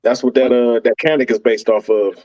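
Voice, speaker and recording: A man's voice: medium pitch, steady tone, fairly quick, darkish tone. A man co-hosting a casual livestream chat, often repeating a word as he gets a sentence going. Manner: repeats words as he starts sentences. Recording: dull lo-fi audio.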